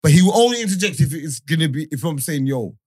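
Young guy, high voice, swings up and down a lot, slangy banter. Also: fast. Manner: animated storytelling, slang-heavy. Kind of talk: casual banter.

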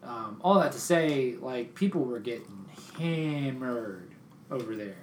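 A man's voice: mid-range voice, unhurried, far from the mic, slight background noise. Southern man telling a rambling story. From Arkansas, US South. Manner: rambling, animated, swears freely, acts out quotes. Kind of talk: casual storytelling chat. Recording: roomy, off-mic with faint ambience.

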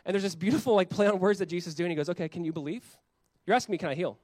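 Fast-talking young male pastor preaching. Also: sits high, no echo. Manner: conversational, animated, acts out quoted voices. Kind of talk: sermon.

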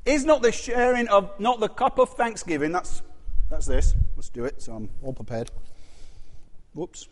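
High-voiced male preacher in reverberant hall. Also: moderate pace. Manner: animated, rises and drops sharply, rhetorical questions. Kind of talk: sermon. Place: church hall.

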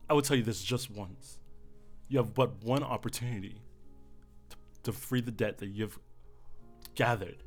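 A man voicing a proud, short half-elf broker who is cold and measured. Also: fairly low pitch, faint music behind, lightly acted. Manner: measured and haughty.

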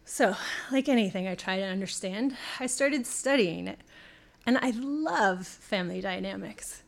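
A woman's voice: mid-range voice, expressive, measured pace, creaky. A middle-aged woman giving a talk, telling a personal story and acting out the dialogue.

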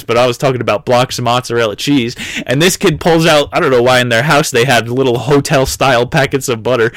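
A man's voice: medium pitch, fairly bright tone, dry recording. Irreverent young American man, dry sound. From United States. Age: 20s. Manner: irreverent, joking, laughs often, swears. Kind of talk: casual book commentary.

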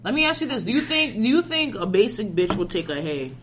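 A woman co-hosting a casual chat, teasing and pushing the others with quick, bossy questions. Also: medium pitch, very animated, slight background noise. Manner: bossy, teasing, fast-talking storyteller. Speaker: podcast co-host.

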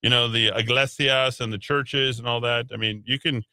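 A man's voice: medium pitch, steady tone, moderate pace, pushed and bright, clear, resonant tone, dry recording. A man hosting a talk radio show in casual banter, sarcastic, teasing and blunt, on a studio microphone.

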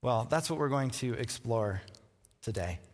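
A pastor in his thirties tells a family story to open a sermon, chatty and easygoing, chuckling along as he goes. His mid-pitched voice rings out with a long reverb, as if recorded in a big church sanctuary. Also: expressive, measured pace. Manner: chatty storyteller who laughs at his own anecdote. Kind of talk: conversational sermon with a personal story. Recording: long reverb from a large hall.

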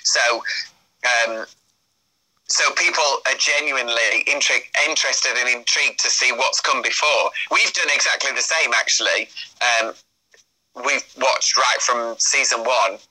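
A man's voice: medium pitch, a little slow, pushed and bright, low-quality recording. A man chatting as an interview guest, rambling with many fillers and restarts. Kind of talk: casual interview chat.

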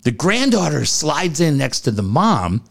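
Gravelly, animated middle-aged man telling a story. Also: a little high, measured pace. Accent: Southern Californian. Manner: animated, acts out quoted voices. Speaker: podcast co-host. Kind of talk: storytelling casual chat. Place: studio.

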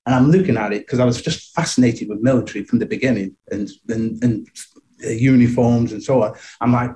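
Speaking fairly quickly in a mellow, medium-pitched voice, a middle-aged man recounts his childhood. He's reflective, chuckles often, and keeps restarting his sentences.

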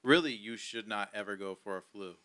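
A man in casual podcast chat, matter-of-fact and deadpan, explaining things plainly. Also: on the low side, brisk.

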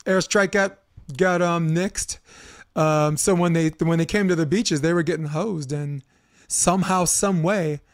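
A man's voice: on the high side, unhurried, dry recording. Chatty podcast host man, dry close sound. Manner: rambling, animated storyteller who swears freely. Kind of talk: casual chat.

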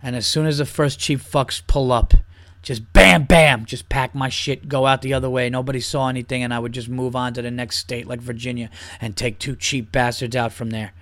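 A man's voice: medium pitch, flat delivery, normal speed, fairly bright tone, dry recording. A man hosting a podcast, ranting in a casual, comedic way, swearing often and mocking people with heat. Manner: profane, heated, mocking. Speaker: podcast host.

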